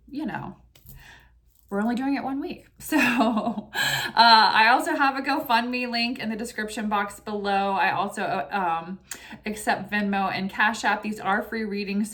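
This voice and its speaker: A woman's voice: medium pitch, unhurried, fairly bright tone. Woman tarot reader, chatty and casual, recites protective prayers. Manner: chatty, with many asides like "you know" and "right?". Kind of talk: casual chat and tarot reading.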